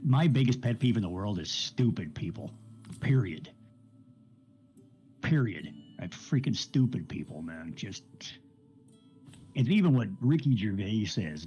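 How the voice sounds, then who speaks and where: A man's voice: on the low side, dark tone, muffled recording. A man streaming games, going off on a rambling, profane rant and often laughing. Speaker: game streamer.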